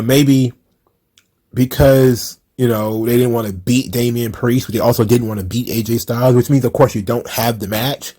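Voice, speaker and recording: A man's voice: medium pitch, darkish tone. A man hosting a wrestling commentary show, recapping in a rambling, blunt, chuckling way.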